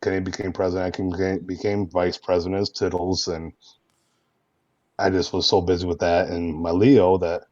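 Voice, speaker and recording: A man guest in a casual interview, telling animated, laughing anecdotes with lots of fillers. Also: low voice, moderate pace, no room sound, lo-fi sound. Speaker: guest, roleplay streamer.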